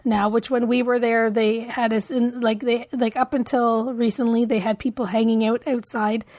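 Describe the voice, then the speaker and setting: A woman's voice: fairly high pitch, flat delivery, normal speed, a little mellow. A woman co-hosting a podcast from Canada, chatting casually, often laughing and trailing off mid-sentence. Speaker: podcast co-host. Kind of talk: casual chat.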